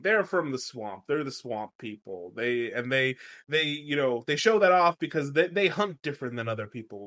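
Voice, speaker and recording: A man hosting a podcast, recapping a book in animated, playful casual chat. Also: mid-range voice. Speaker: podcast host.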